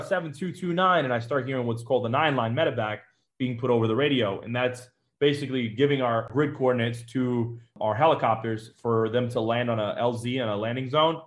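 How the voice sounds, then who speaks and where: A man who served as a Marine, telling his own story in an interview, conversational and matter-of-fact with fillers and restarts. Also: mid-range voice.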